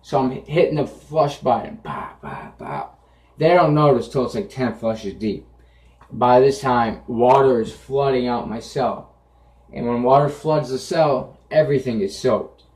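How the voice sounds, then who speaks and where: Young man, casual vlog storytelling, blunt and profane, mid-pitched voice, roomy echo. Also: measured pace, a little mellow. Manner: blunt, profane, matter-of-fact. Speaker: vlogger. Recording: echoey room.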